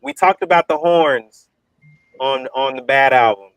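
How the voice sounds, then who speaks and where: Easygoing man moderating, smooth dry voice. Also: mid-range voice, dry recording, poor audio. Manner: easygoing, halting with ums. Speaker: debate moderator. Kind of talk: casual online debate.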